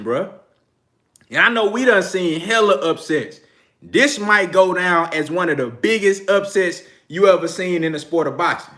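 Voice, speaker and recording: Male streamer, Texan accent, casual boxing chat, high voice, quick to laugh. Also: bright, forceful tone. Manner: loose, slangy, laughs often. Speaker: boxing channel host. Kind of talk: casual livestream commentary.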